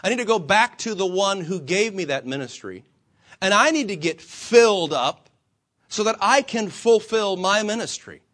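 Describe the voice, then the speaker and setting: High, lively-voiced male preacher. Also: moderate pace. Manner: preaching with rising and falling emphasis, rhetorical questions; acts out quoted voices of himself and the Lord. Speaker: pastor. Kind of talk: sermon.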